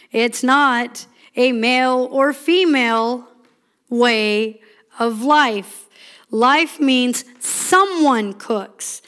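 A woman giving a talk on marriage, reading from notes and breaking off for asides and short acted-out quotes. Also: high-pitched. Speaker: marriage teacher.

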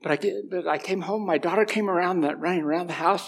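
A middle-aged man gives an informal church talk, mixing homely, folksy stories with scripture readings, and he has a runny nose. His voice is fairly high, quick, and gravelly, with few pauses. A little hiss or hum is audible.

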